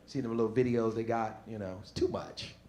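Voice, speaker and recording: A man doing a stand-up comedy set on stage, talking in loose slang and shouting his punchlines. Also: on the low side, level tone, brisk. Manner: casual slang, drawled asides. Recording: live stage mic with audience noise.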